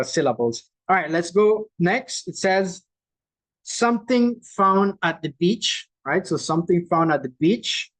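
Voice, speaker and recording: Heard in poor audio at medium pitch, a host leads a casual quiz game over a video call for a virtual conference. Clues get repeated slowly, chat answers are read aloud, and lines end with a chatty "right?"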